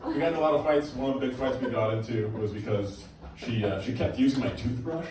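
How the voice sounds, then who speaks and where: A man doing a stand-up set at a comedy club, mixing crowd work with animated punchlines over audience laughter. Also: mid-range voice, fast, background noise. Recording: roomy live club recording from far off.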